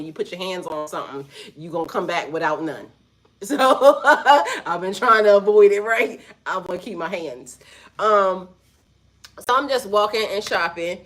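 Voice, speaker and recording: A woman with a grown son telling a story to her viewers in a blunt, profane, animated way, full of asides. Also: medium pitch. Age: adult with a son. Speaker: spiritual vlogger. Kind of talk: casual storytime rant.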